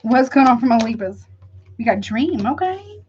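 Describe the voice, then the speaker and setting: A woman's voice: fairly high pitch, big pitch swings, normal speed, darkish tone, lo-fi sound, a little hiss or hum. A woman reading tarot in a casual livestream, chatty and frank, calling her viewers honey and baby with rambling asides. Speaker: tarot reader.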